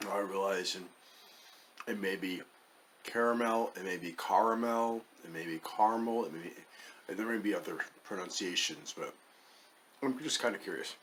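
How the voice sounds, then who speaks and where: A man's voice: sits low, normal speed, long pauses, a bit bright, slight background noise. A man casually reviewing chocolates as the host of his own channel, wry and hesitant, muttering as he tastes. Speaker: food reviewer.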